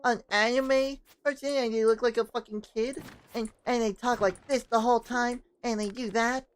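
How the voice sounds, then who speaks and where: A man putting on a high, cutesy anime-style streamer voice in an exaggerated mocking impression. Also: fairly even intonation, moderate pace, slight background noise.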